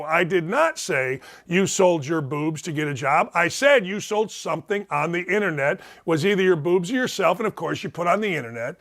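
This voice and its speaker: Ranting sports talk host, man, high for a man, blunt and sarcastic. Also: animated, moderate pace, hardly any pauses, fairly bright tone. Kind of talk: opinionated talk-show monologue.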